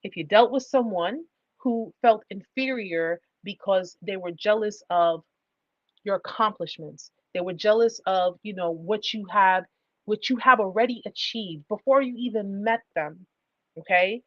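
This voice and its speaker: A woman's voice: medium pitch, unhurried, dry recording, dull audio. A woman hosting a livestream advice talk, speaking emphatically and driving points home with repeated rhetorical questions. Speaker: livestream host.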